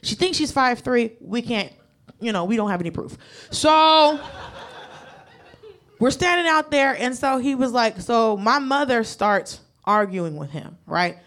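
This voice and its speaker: A woman's voice: a little high, lively intonation, measured pace, fairly bright tone. A woman doing stand-up, telling a profane story and acting out the voices of the people in it. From United States. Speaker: stand-up comedian. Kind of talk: stand-up comedy set.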